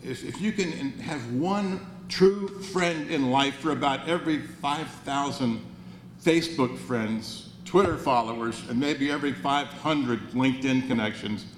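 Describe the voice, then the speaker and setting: A man's voice: medium pitch, unhurried. Older man giving an earnest banquet speech. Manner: earnest, wry, with frequent restarts. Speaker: banquet speaker. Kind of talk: motivational speech. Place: banquet hall. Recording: roomy hall, faint noise.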